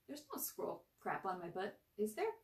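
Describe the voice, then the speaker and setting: A woman's voice: medium pitch, big pitch swings, moderate pace, darkish tone, recorded from a distance. A woman voicing a smug preteen boy who prods and jokes at his younger brother. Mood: teasing. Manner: smug, prodding, joking. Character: cocky teasing preteen boy, the older brother.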